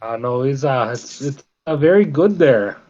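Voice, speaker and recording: A man's voice: mid-range voice, lively intonation, normal speed, a little mellow. A man from Wisconsin chatting casually at a game table, rambling a bit with fillers. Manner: rambling, restarts with many fillers. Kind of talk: casual chat. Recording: slightly dull mic, faint noise.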